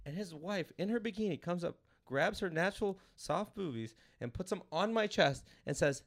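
A man in his thirties from Los Angeles, a comedian hosting a podcast, telling a rambling story with animated energy and laughing as he goes. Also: sits high, moderate pace. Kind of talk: casual storytelling chat.

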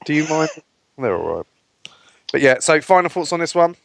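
Joking man with a lively voice. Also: fairly high pitch, moderate pace, vocal fry, no echo. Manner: crude joking banter, reads letters aloud. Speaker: podcast co-host reading listener letters. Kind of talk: casual banter podcast.

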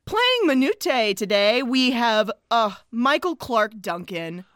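A woman's voice: fairly high pitch, takes it slowly, a bit bright, no room sound, studio quality. A woman co-hosting a casual movie podcast, laughing often as she runs through the cast. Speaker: podcast co-host.

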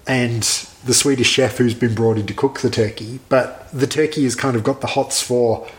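A man's voice: mid-range voice, fairly even intonation, normal speed. A man with a mid-range voice, talking casually and recounting scenes with amused asides. He sounds easygoing and chatty, like a podcast co-host reviewing a film with a friend.

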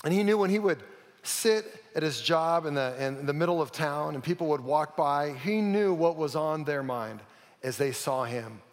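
Guy preaching, fairly high voice, dramatic storytelling, long echo like a big church hall. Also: moderate pace. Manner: dramatic storytelling, drops to a hush for key moments. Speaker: pastor. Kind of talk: sermon storytelling. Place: church auditorium.

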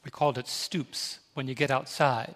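A man's voice: medium pitch, fairly even intonation, normal speed, fairly bright tone. An older man from New York, a pastor telling a personal, emotional story in a sermon and calling out to his congregation. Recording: reverberant large hall.

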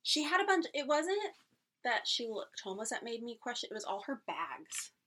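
A woman's voice: on the high side, sing-song, normal speed, crowd noise. A woman co-hosting a casual podcast chat, telling a story animatedly with lots of "like" fillers and acted-out quotes. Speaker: podcast co-host.

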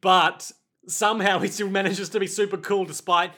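A man's voice: high-pitched, fairly even intonation, moderate pace, sharp tone. A young adult man casually and animatedly retelling a story with jokes as a podcast co-host. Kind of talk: casual comedic recap chat.

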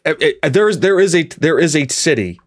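A man co-hosting a podcast in casual chat, rambling with many restarts and quick asides. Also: on the high side, animated, no echo, clean studio sound. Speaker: podcast co-host and gaming video creator.

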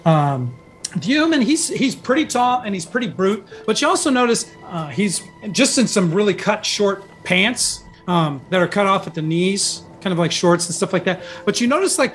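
Game master guy, high voice, rambles with lots of ums, light music in the back. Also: a bit bright. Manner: rambling, many fillers and restarts. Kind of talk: narrating a tabletop game.

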